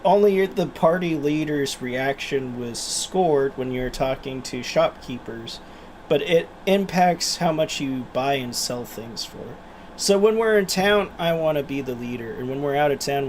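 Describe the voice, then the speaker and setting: A man's voice: mid-range voice, a little hiss or hum. A man hosting a gaming channel, talking animatedly in casual let's-play commentary and laughing at himself.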